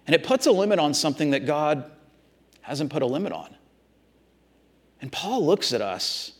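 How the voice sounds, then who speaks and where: Man, pastor, sermon, somewhat high voice, earnest, repetitive, speaks to congregation. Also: very animated, moderate pace, long pauses, slightly rough.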